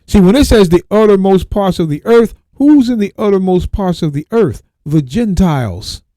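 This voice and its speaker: A man hosting a Bible radio show, reading verses slowly and then breaking off to exclaim and repeat his points. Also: high-pitched, expressive, warm tone, no echo. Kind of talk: Bible teaching with scripture reading.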